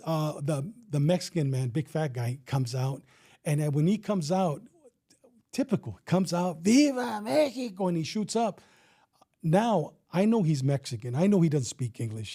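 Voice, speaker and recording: A man's voice: fairly high pitch, dark tone. A middle-aged man, a retired police officer, telling a story in casual conversation. He talks animatedly, acts out what people said, and swears freely.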